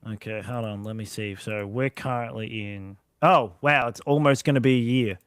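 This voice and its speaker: A man's voice: on the low side, moderate pace, clear, resonant tone, no echo, clean studio sound. A man co-hosting a casual podcast, rambling and correcting himself as he goes. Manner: rambling, self-correcting, laughs often. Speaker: podcast co-host. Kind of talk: casual chat.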